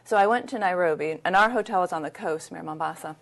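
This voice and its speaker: A middle-aged woman speaking as an interview guest, with a voice that sits a little low. She tells stories candidly and conversationally. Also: quick pace. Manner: candid, anecdotal, lively retelling. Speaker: interview guest, leadership consultant. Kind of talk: conversational storytelling.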